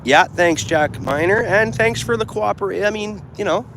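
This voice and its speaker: A man talks casually while he fishes outdoors, reacting to his live chat as he goes. His voice sits a bit high for a man. A light hum of passing traffic stays in the background. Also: moderate pace. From Canada. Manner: chatty, talks back to live chat comments. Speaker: fishing livestreamer. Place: outdoors by a pond near traffic.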